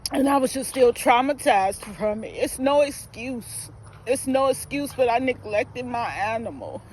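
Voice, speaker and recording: A woman's voice: fairly high pitch, a little hiss or hum, poor audio. A woman talking earnestly and emotionally in a casual vlog, with fillers and restarts, filmed outdoors on a phone. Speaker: vlogger. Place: outdoors near a residential field.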